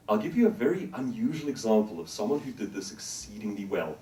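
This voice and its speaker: A male professional speaker delivers a motivational talk with a lively, swooping delivery and an emphatic manner. His voice is mellow and dark-toned. The sound carries the echo of a roomy hall, picked up from some distance away from the mic. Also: on the low side, fast talker, hardly any pauses. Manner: expressive, emphatic, asks the audience questions. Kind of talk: motivational talk to a live audience.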